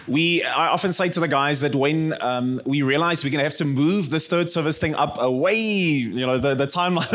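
A man's voice: a little high, fairly bright tone. A man with a South African accent preaching a sermon to a church congregation, conversational and storytelling, calling for the congregation's response. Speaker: pastor. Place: church service.

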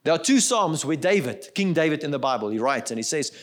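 A man's voice: fairly high pitch, animated, quick pace, hardly any pauses, a bit bright. A middle-aged male pastor preaching a sermon in an earnest, conversational way, checking in with his listeners as he goes.

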